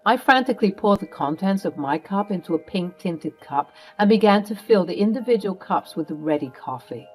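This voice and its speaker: A woman's voice: mid-range voice, expressive, normal speed, hardly any pauses, slightly rough. A woman narrating a scripted first-person story in a dramatic, emotional way, over faint music.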